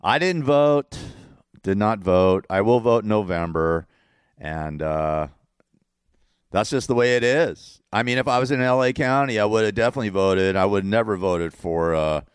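A man's voice: on the low side, expressive, moderate pace, smooth, dry recording, studio quality. Rambling, sarcastic Californian man. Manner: rambling and sarcastic, repeats himself, laughs at his own jokes. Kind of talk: casual political rant to camera.

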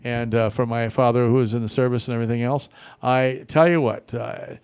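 A man's voice: mid-range voice, steady tone, fairly quick, a little mellow, clean tone, no echo. A man hosting a casual local radio talk show, rambling and friendly with many fillers and restarts. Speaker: radio host. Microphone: studio mic.

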